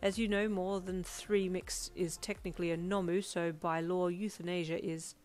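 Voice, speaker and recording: Woman voicing a gentle male supervisor. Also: on the low side, fairly even intonation, soft background music, lightly acted. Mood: measured. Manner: measured and gentle. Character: calm male supervisor vet, patient and kind.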